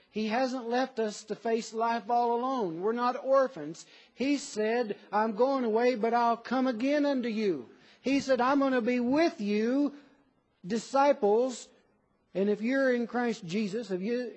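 Male preacher, high voice, earnest and emphatic delivery for a sermon. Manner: earnest, emphatic, reads a poem in a softer lower voice.

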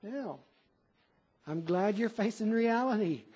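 A man with a notably high-pitched voice preaches with earnest emphasis. He stresses his points and repeats them to drive them home. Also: expressive, slow, husky. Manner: earnest, emphatic, reads a poem in a softer lower voice. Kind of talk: sermon.

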